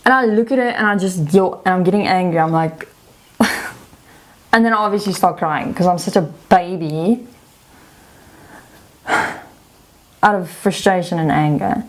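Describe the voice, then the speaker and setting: A young woman vlogger casually telling a story, retelling a frustrating job with animated energy. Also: fairly low pitch, unhurried, long pauses.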